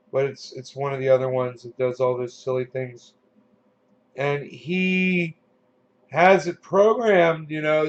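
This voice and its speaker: A man hosting his own channel, chatting loosely and swearing often, with plenty of fillers and restarts. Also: on the high side. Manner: loose, profane, full of fillers. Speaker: channel host. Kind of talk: casual rambling chat. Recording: dull lo-fi sound.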